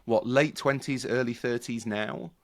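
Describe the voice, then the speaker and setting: A man's voice: medium pitch, steady tone, measured pace. A man in a casual panel chat, thinking aloud with many restarts. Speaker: podcast panelist.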